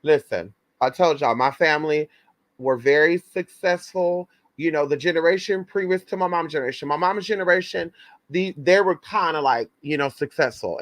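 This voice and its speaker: A man telling a story in a sassy, profane, dramatic way, jumping into high quoted voices. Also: dry recording. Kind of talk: casual storytime monologue.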